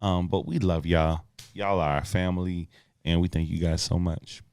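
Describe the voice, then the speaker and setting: A man's voice: low-pitched, steady tone, normal speed, darkish tone, clear, resonant tone, no echo. A man co-hosting a podcast in casual chat, laid-back and slangy with a playful edge. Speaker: podcast co-host.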